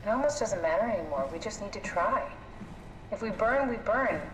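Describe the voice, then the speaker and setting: A woman's voice: medium pitch, lively intonation, a little fast, close to an everyday voice. An actress voicing a wry, self-deprecating female AI guide in a video game, recorded with a roomy echo under gameplay noise. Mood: determined. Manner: dry, self-deprecating, matter-of-fact.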